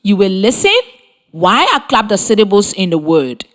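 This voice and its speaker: A woman, giving a scripted radio lesson for children in slow, deliberate, encouraging instructions. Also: medium pitch, lively intonation. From Liberia. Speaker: radio teacher.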